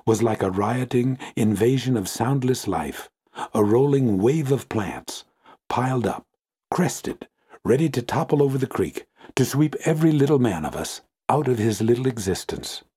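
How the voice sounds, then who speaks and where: A man reading a literary story aloud as an audiobook narrator, in a measured, deliberate way that draws phrases out. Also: mid-range voice, expressive, mellow, husky. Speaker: audiobook reader. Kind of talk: scripted narration.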